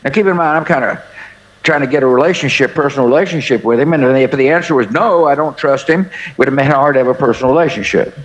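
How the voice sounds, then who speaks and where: Older man in his seventies, folksy storyteller, halting, plenty of "uh", casual interview answers. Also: mid-range voice, lo-fi sound. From United States. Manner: folksy, halting, frequent "uh" fillers. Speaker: former head of state, interview guest.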